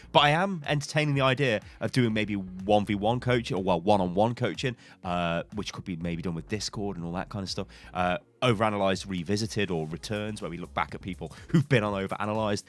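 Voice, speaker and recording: A man, hosting and commenting on gameplay as a coach, in an animated, theatrical way. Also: medium pitch. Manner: animated, theatrical, quick to exclaim. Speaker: game coach and channel host.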